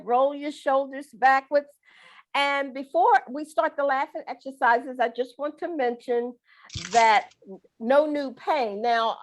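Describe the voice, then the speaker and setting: A middle-aged woman leading a guided breathing and laughter class over a video call, playful, folksy and coaxing. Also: high-pitched. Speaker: laughter exercise instructor.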